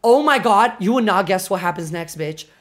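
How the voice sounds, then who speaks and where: A young woman streamer telling a story to her chat, animated and full of swearing and fillers. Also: medium pitch, moderate pace. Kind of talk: casual storytelling to a live chat.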